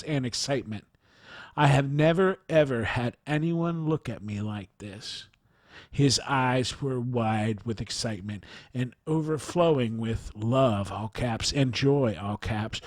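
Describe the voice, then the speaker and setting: A man slowly reading aloud a first-person account, even saying the punctuation marks. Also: mid-range voice, no room sound, studio quality. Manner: slow, earnest reading that reads out punctuation. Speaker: narrator reading a near-death account. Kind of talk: reading a written testimony aloud.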